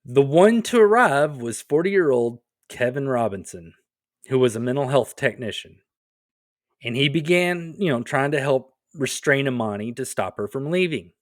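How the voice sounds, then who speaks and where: A man's voice: mid-range voice, lively intonation, moderate pace, no room sound, clean studio sound. A man co-hosting a comedy podcast, telling stories casually with wry joking asides. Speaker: podcast co-host.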